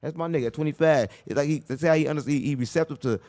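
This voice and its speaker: A man's voice: a little high, rapid-fire, darkish tone. A man hosting a casual podcast, brash and profane, preaching life advice in a loose, rambling way. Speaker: podcast host.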